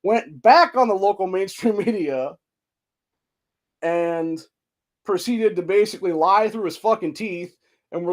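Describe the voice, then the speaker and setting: A man's voice: high-pitched, animated, moderate pace. A man hosting a political show, ranting heatedly and swearing constantly about local politicians. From Ohio. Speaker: podcast host. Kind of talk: angry political rant. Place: studio.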